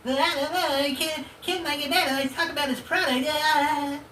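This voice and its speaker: A timid grown man whines and stammers like an anxious yes-man, as a man mocks him in a high put-on voice. The tone is thin and bright. The mic sits back in a roomy, echoing space. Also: steady tone, moderate pace, slight background noise. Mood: whiny. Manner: high whining, stammering, mocking. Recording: roomy echo, distant mic.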